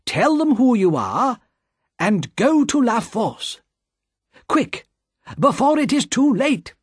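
Anxious elderly banker, urgent and pleading, read by a man, raised husky voice, dry close sound. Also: extremely high pitch, very animated, takes it slowly, no room sound, pitched above the performer's own voice, heavily acted.

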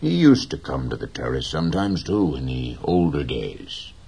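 A man playing a proud old fisherman in an audiobook, deep and husky, speaking slowly and with quiet dignity. The voice rises and falls with plenty of movement despite its gentle calm. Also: full character voice. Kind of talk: audiobook character reading.

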